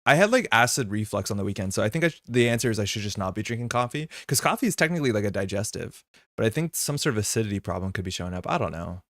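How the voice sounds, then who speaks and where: Chatty low-voiced man on a live stream. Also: animated, a bit bright, dry recording, studio quality. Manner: chatty and rambling, with many fillers and quick jumps in pitch when greeting chat. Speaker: streamer hosting a card game live stream. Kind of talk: casual live-stream chat, greeting viewers.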